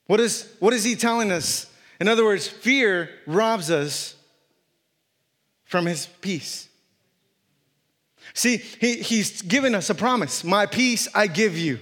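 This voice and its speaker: A man with a non-native English accent preaches in a church hall, the recording full of long hall reverb. His voice is high, animated and a bit bright, and he takes it slowly with frequent pauses. After reading scripture aloud, he drives each point home with repetition and mounting emphasis, making self-conscious jokes about his accent.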